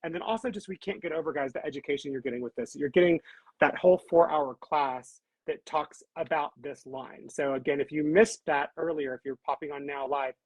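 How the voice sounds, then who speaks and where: A woman with a husky, slightly breathy voice hosts a casual live stream. She is upbeat and talkative and keeps calling her viewers "guys". The sound is dry and close, as on a video call. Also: sits low, fairly quick, no echo. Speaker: host.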